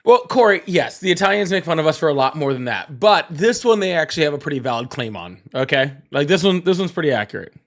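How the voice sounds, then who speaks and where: A man's voice: fairly high pitch, animated, quick pace, hardly any pauses. A man hosting a casual livestream, rambling with many fillers and restarts, greeting chat viewers by name and swearing offhand. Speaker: livestream host.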